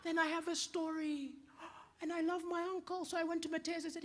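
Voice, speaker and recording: A man from Malawi doing stand-up comedy, telling stories with animated, punchy delivery. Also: very high voice, brisk, long reverb tail.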